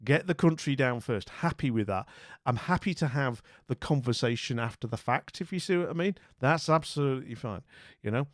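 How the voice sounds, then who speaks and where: A man's voice: mid-range voice, lively intonation, brisk, no room sound, studio quality. Chatty man thinking aloud on stream. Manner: chatty and rambling, thinking aloud and greeting viewers. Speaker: streamer playing a geography guessing game. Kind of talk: casual live-stream commentary.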